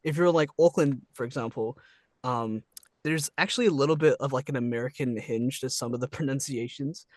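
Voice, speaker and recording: A man hosting a casual interview over a video call, relaxed, laughing often and using many fillers. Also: mid-range voice, brisk, dry recording, clean studio sound. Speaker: interview host.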